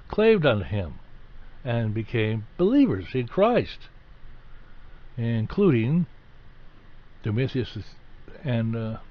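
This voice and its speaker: Man preaching, dull lo-fi sound. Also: medium pitch. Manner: conversational teaching, rising emphasis on key words. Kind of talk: sermon. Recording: slightly dull, lo-fi recording.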